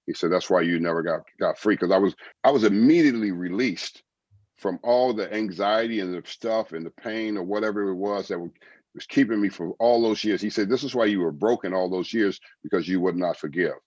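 Deep-voiced middle-aged male guest, earnest testimony, dry, slightly muffled sound. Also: brisk, a little mellow, husky, dry recording. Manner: earnest storytelling, repeats phrases, quotes God and others. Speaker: guest, former baseball player and evangelist. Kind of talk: testimony in a podcast interview.

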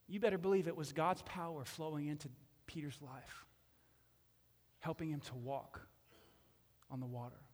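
A high-voiced man preaching a lively sermon, dropping to hushed lines and then building to loud, emphatic ones. He acts out the voices of people in the stories as he goes. His voice rings with a long reverb, as in a large church hall. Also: normal speed, pauses often. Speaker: pastor.

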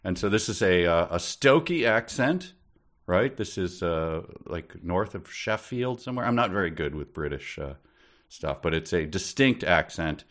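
A man co-hosting a casual book podcast, joking through quick asides. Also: sits low, expressive, fairly bright tone. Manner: jokey, quick asides, breaks into silly voices. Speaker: podcast co-host.

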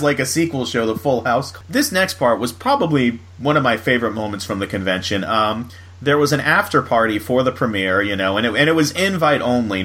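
A man's voice: mid-range voice, fairly bright tone. Chatty man from Florida, easygoing host. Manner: chatty, full of fillers and laughs. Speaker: podcast host. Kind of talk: casual chat.

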